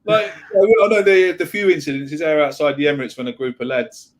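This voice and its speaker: A man chats on a podcast with a slightly high voice. He rambles, repeats words as he restarts his sentences, and swears casually. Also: a little fast. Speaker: podcast co-host. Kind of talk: casual chat.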